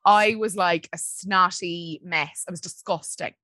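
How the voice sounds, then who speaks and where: Late-20s woman, bright tone, dry close mic, rambling chatty storyteller. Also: on the low side, a little slow, no echo. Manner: chatty storyteller, many "like"s, laughs often. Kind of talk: casual chat.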